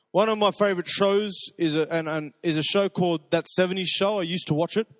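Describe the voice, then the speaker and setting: A man preaching a sermon, telling stories in a conversational way and dropping to soft, intimate repetitions. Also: a little high, no echo. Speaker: pastor.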